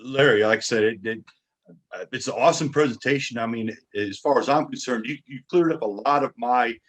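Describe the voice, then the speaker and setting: A man interviewing a guest, speaking in a casual, enthusiastic but halting way. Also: mid-range voice, fairly bright tone.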